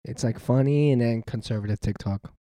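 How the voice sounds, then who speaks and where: A man's voice: medium pitch, fairly quick, mellow, dry recording, studio quality. A young man co-hosting a podcast, chatting in a laid-back, joking way. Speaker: podcast co-host. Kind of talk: casual chat.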